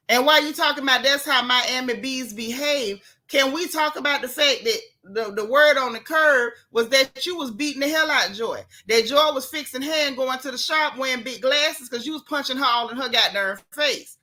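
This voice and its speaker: A woman's voice: high-pitched, moderate pace, pushed and bright. A woman from Central Florida hosting a live stream, giving casual gossip commentary in a sassy, blunt way and greeting her viewers by name as she talks. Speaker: livestream gossip host.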